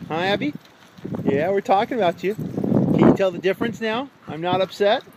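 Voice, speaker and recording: High-voiced man chatting among barking dogs. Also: expressive, normal speed. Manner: chatty, talks to the dogs, laughs often. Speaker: dog daycare owner. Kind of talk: casual chat to camera while supervising dogs. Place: outdoor dog play yard. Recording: loud outdoor background noise. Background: barking dogs, wind and passing traffic.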